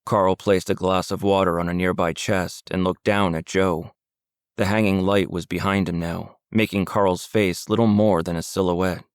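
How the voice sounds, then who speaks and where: A man narrating an audiobook in a steady, measured storytelling voice. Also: low-pitched, clean tone, no room sound, studio quality. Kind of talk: scripted narration.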